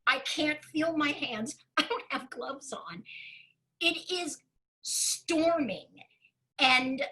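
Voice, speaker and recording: A Broadway performer telling an animated story with a lot of expression, acting out the voices of the people in it. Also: female voice, sits high, takes it slowly, low-quality recording. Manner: expressive storyteller who acts out quoted voices, often laughing.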